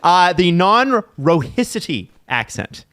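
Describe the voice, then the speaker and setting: A man's voice: high voice, very animated, takes it slowly, sharp tone, dry recording. Chatty man, dry close sound. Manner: reads aloud from an article, chatty. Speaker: podcast host. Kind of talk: casual podcast chat.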